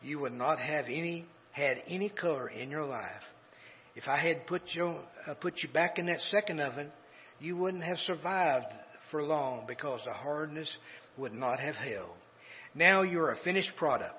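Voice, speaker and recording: A man voicing a patient, gentle master potter who explains himself quietly and calmly in a told story, on a dull recording in a reverberant hall. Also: a little high, slight background noise, lightly acted. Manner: quiet, calm, measured.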